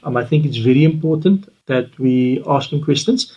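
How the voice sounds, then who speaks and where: A man hosting an interview, reading out viewer questions and keeping things going with quick affirmations. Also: mid-range voice, breathy edge, highs cut off. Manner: constant affirming backchannels, quick laughs. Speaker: interview host. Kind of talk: interview chat.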